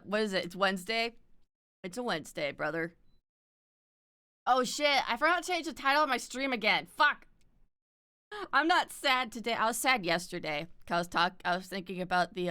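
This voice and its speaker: A woman's voice: mid-range voice, bright, forceful tone, smooth. A woman with a standard North American accent and a slight lisp, chatting casually with live viewers, loose and filler-heavy, swearing now and then. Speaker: streamer.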